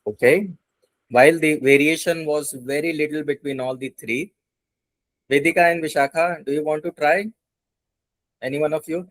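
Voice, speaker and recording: A man's voice: on the high side, fairly even intonation, normal speed, long pauses, no room sound, low-quality recording. Dry-sounding Indian English man teaching. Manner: instructive, repeats points for emphasis. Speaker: internship instructor. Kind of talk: online class teaching. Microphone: video call.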